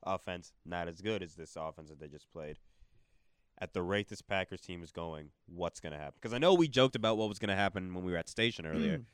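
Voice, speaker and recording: A man's voice: sits low, animated, fairly quick, clear, resonant tone, no room sound, clean studio sound. A man in a casual sports debate, asking long winding questions and defending his team. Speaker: sports talk co-host.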